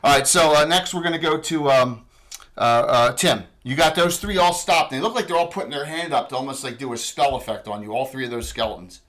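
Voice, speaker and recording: A man acting as dungeon master, running a tabletop game in a relaxed, chatty way with lots of fillers. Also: mid-range voice, a little fast.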